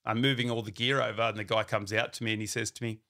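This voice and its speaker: A man, a company founder telling his story in a casual, animated way and acting out what people said to him. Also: on the low side, fast.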